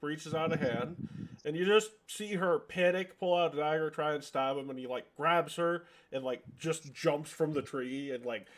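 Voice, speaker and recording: Man narrating as game master, fairly high. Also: normal speed. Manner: rambling with many fillers.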